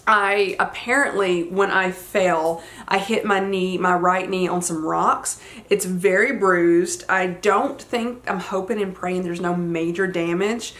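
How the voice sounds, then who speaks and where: A woman's voice: on the low side, steady tone, takes it slowly, fairly bright tone. A woman in her forties with a Southern American accent, telling a personal story to her viewers in a casual, chatty way, full of fillers and acted-out quotes. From United States. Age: 40s. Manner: chatty, many fillers, retells quotes animatedly. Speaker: vlogger.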